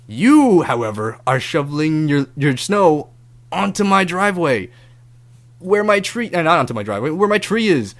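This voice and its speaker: A man on his own podcast telling a story in a loose, chatty monologue, with a voice set a little high for a man. He swears freely and jumps into raised, animated voices when he quotes other people. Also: normal speed. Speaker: podcast host.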